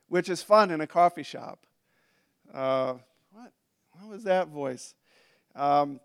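High, smooth-voiced man preaching. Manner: conversational, with restarts and asides. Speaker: pastor. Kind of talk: sermon.

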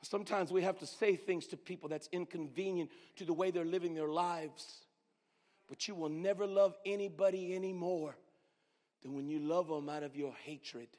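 A man pastor preaching a sermon with emphatic delivery, swinging from shouted lines to low, quiet asides. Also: steady tone, normal speed. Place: church sanctuary. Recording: long hall reverb.

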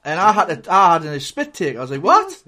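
A man's voice: fairly high pitch, animated, fast talker, bright, forceful tone. A man co-hosting a podcast in casual chat, teasing the others and quizzing them. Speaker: podcast co-host.

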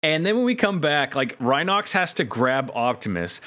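Male podcast co-host, casual chat, relaxed, recapping, frequent fillers and restarts. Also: on the high side, normal speed. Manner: relaxed, many uhs and restarts while recapping.

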